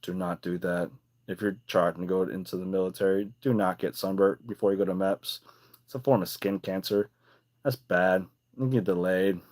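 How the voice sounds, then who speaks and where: A man's voice: deep voice, steady tone, normal speed, darkish tone. A young adult man hosting a podcast, telling a personal story in a rambling, emphatic way with casual swearing. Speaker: podcast host.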